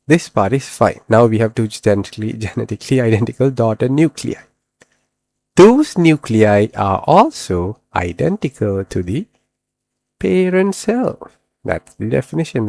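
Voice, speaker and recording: Man teaching biology slowly and deliberately. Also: mid-range voice, dark tone, dry recording. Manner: slows down to stress key terms word by word; explanatory, asks and answers his own questions. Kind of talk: recorded lesson with drawings.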